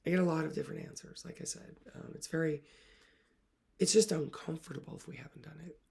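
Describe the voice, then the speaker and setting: A woman's voice: low voice, steady tone, fast, gravelly, darkish tone. A woman literacy coach talking reflectively to camera, earnest and emotional, often dropping her voice to a near whisper.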